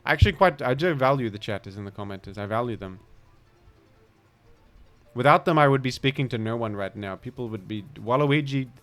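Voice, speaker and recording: A man's voice: medium pitch, animated, fairly quick, fairly bright tone, no room sound, soft background music. A man with a British accent commenting live on a game he is playing, rambling in a playful, mock-grandiose way. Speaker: streamer.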